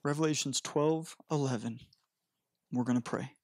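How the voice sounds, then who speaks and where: A man's voice: mid-range voice, no echo, studio quality. A man preaching as a pastor in an earnest, conversational storytelling sermon, speaking to a congregation from a church stage. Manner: earnest, animated storytelling with rushed bursts.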